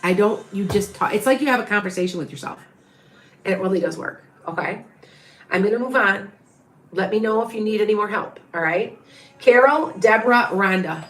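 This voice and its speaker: Soft music plays behind a middle-aged woman with a mid-range, fairly bright voice who talks fairly quickly. Doing psychic readings on a livestream, she rambles and repeats herself thinking aloud, reading out names and counting quietly.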